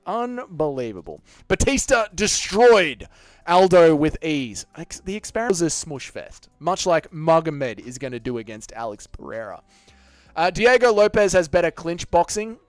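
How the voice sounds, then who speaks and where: A man's voice: a little high, very animated, normal speed, dry recording. An Australian man hosting a casual live stream, bantering and swearing as he reads out chat messages. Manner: profane, joking banter with chat.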